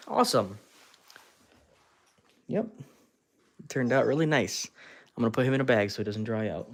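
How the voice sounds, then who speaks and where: Expressive and mid-range, his voice moves at normal speed with long pauses. He's hosting a relaxed clay-sculpting live stream, laughing often, describing what he's doing, and talking to fans while reading chat.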